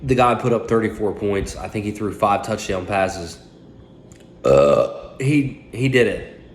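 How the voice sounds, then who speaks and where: A man's voice: fairly low pitch, echoey room, a little hiss or hum. Profane, rambling man in his late twenties. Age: late 20s. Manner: profane, loose, trash-talking. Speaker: fantasy football league commentator. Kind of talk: casual rambling recap. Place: indoors, phone propped on paper towels. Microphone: phone.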